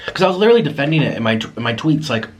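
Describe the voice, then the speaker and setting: Soft-spoken apologetic man, rambling. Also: medium pitch, very animated, very fast, breathy edge. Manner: apologetic and reflective, rambling with restarts. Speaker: mukbang vlogger. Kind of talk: casual confessional talk to camera.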